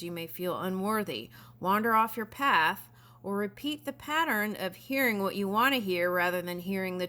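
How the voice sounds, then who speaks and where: Here a tarot reader with a mid-range, fairly bright voice does a relaxed spiritual card reading. She's chatty, reading passages out and commenting on each one, often slipping in little giggly asides.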